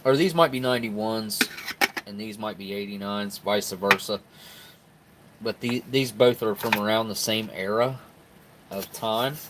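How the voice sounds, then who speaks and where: A middle-aged man with a southern Ohio Appalachian accent hosts a casual live stream reviewing military rations, rambling folksily and reading viewer comments aloud. His voice is lowish and his pace measured, with heavy background noise.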